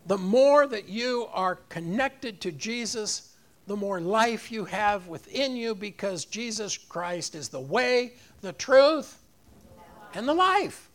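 A man's voice: high voice, expressive, slow, fairly bright tone. A man preaching a sermon, rising on key phrases and leading the congregation in repeating lines. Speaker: pastor.

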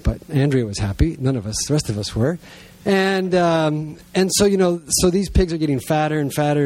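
A middle-aged man preaching to a gathered congregation, telling a self-mocking family story in a lively way and then praying quietly and earnestly. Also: on the high side, fairly quick, no echo. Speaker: pastor. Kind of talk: sermon storytelling and prayer. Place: church gathering with listeners present.

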